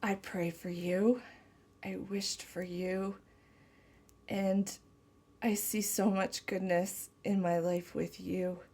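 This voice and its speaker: A woman tarot reader speaking a channeled message slowly and tenderly, close to tears. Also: medium pitch, level tone, darkish tone, husky. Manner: slow, tender, emotional. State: tearful.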